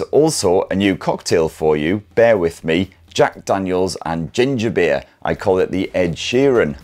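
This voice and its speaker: Man, middle-aged, deep, swears a lot, rambles and mocks himself. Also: darkish tone. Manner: sweary, self-deprecating, rambling banter. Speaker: tech podcast host. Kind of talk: casual chat reading viewer comments.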